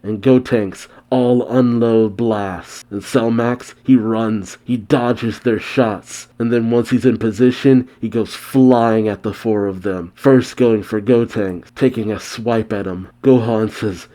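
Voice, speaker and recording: A man's voice: on the low side, measured pace. A man recapping a comic chapter scene by scene with casual asides of his own. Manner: steady storytelling narration with casual asides. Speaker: manga reaction host. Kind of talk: manga chapter recap and commentary.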